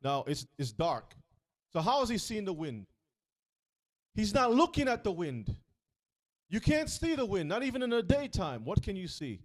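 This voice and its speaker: Male preacher, interactive sermon, lively rising-and-falling voice, slightly high, acts out the scenes. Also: normal speed, pauses often. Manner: animated, questioning, acts out the story in voices. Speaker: teacher leading a scripture reading.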